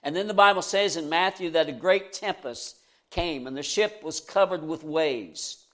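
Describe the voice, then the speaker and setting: A man delivering a sermon with a slightly high voice. He talks in an earnest, conversational way, leaning into quoted scripture with rising emphasis. He chuckles now and then at his own asides. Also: normal speed, a bit bright. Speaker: preacher.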